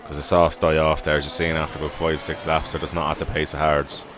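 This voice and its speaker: An Irish man giving live sim racing commentary in steady, informal play-by-play. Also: rumbling low, fast, background noise. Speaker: race commentator. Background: background music.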